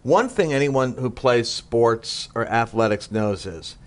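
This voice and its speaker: A man from the Northeastern US, a guest speaker on a talk show, telling energetic stories and acting out the people he quotes. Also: medium pitch, unhurried. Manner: energetic storyteller, acts out quotes, frequent restarts. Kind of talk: animated conversational teaching.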